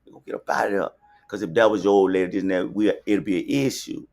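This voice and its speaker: Deep-voiced Southern man from Alabama, podcast host, rambling and preachy. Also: steady tone, fast, a little mellow. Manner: loose, repetitive, preachy street talk. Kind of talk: casual livestream monologue. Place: podcast studio.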